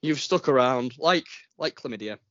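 A man's voice: expressive, moderate pace, fairly bright tone, no room sound. A British man co-hosting a podcast, teasing his co-host in playful, casual banter. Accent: British English. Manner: teasing, playful, sing-song swings in pitch. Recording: dry, slightly dull-sounding podcast audio.

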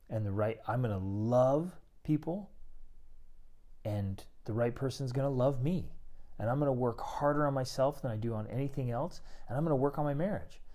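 Emphatic man coaching with a mellow voice. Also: medium pitch. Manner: emphatic, preachy, acts out inner monologues. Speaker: men's relationship coach. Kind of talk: motivational talk to men.

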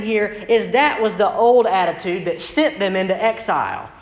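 A man delivers a sermon in an easy, conversational way, stopping to read scripture passages aloud. His voice sits a little high for a man. The sound carries a long, roomy reverb, as if it were picked up in a large church sanctuary. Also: lively intonation, normal speed, few pauses. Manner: conversational, reads scripture aloud, acts out quoted complaints with rising pitch. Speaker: preacher. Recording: echoey hall with long reverb.

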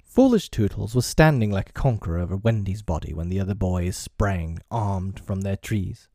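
A man narrating a storybook chapter with expressive delivery. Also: low-pitched, moderate pace, no room sound, clean studio sound. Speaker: audiobook narrator.

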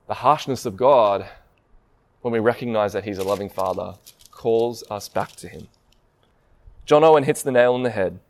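A man's voice: lowish voice, normal speed, long pauses. A man preaching a sermon in a conversational way, often asking the listeners rhetorical questions.

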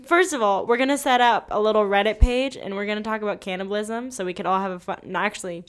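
Young woman podcast host, loose joking chatter, filler-heavy, mid pitch. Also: fast talker, clear, resonant tone. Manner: joking, excitable, many fillers. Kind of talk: casual chat.

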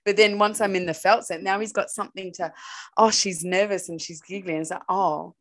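A woman's voice: mid-range voice, fairly even intonation, brisk. A woman who works as a relationship coach, chatting casually and telling a personal story with lots of giggles and fillers. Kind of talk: casual podcast chat.

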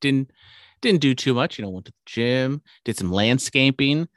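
A young man co-hosting a podcast, talking in quick, teasing casual banter. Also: medium pitch, expressive, fairly bright tone, no echo, studio quality. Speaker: podcast co-host. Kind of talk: casual chat.

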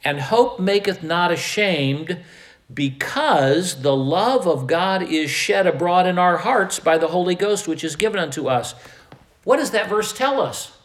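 A man's voice: high-pitched, animated, roomy sound. A man from the American Midwest preaching a sermon, emphatic, with volume that swells and drops. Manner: slow, emphatic preaching with rising and falling volume. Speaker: pastor.

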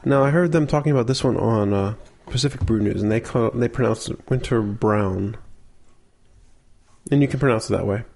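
A man co-hosting a casual beer tasting podcast, relaxed and explaining beer facts as he thinks aloud. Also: mid-range voice, fairly quick, vocal fry. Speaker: podcast co-host.

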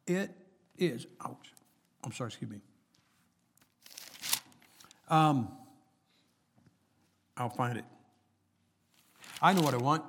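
A man's voice: medium pitch, animated, slow, pauses often, fairly bright tone, breathy edge. A middle-aged man preaching a sermon, chatting with the congregation and reading scripture aloud with rising emphasis.

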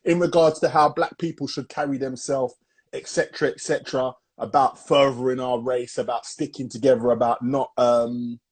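Husky young man. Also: mid-range voice, flat delivery, moderate pace. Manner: rambling, full of restarts and "bro". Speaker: podcast co-host. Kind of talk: casual chat.

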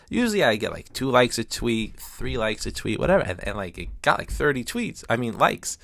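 A man telling a personal story in a casual, animated, rambling way. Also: mid-range voice, a little fast, creaky, few pauses. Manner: animated, rambling with restarts and fillers.

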